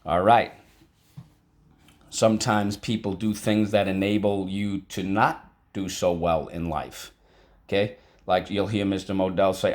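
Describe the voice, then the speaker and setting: A man teaching a vocabulary and spelling lesson, breaking words into syllables slowly and talking casually with frequent check-ins. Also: on the low side, darkish tone. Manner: slow, deliberate syllable-by-syllable teaching; conversational, with frequent fillers like "all right".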